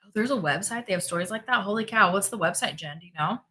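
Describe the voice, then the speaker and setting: A woman's voice: medium pitch, animated, fast talker, sharp tone, a little hiss or hum. A woman hosting a spirituality livestream, chatting casually and reading out viewer comments, emphatic and prone to repeating herself.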